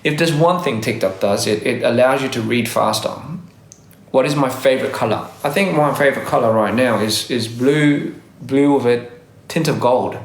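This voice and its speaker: A young man livestreams from a phone mic, casually chatting and reading comments in a mid-range voice at normal speed, with a reverberant sound. His Australian accent is faded from years in Korea and America, and he rambles, corrects himself often, and laughs a lot.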